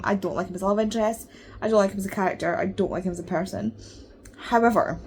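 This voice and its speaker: A woman's voice: medium pitch, slight background noise. A woman talking about books in a casual, rambling vlog with lots of fillers. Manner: chatty, animated, rambling with fillers. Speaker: book vlogger. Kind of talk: casual reading vlog chat.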